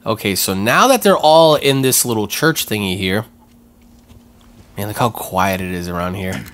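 A man's voice: fairly low pitch, normal speed. A man hosting a let's-play, giving casual, slangy commentary and repeating himself as tension builds. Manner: excitable, yelps and repeats himself in tense moments. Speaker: gaming channel host. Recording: game music playing loudly underneath.

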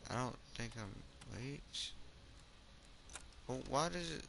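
Bright-voiced young man streaming games. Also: medium pitch, slow pace, gravelly, slight background noise. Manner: excitable, swears a lot, mutters at the game. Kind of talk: casual gaming chat.

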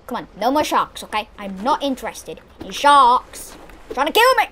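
A woman giving excitable, chatty let's-play commentary, exclaiming as she plays. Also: fairly high pitch, unhurried, heavy background noise. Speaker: gamer.

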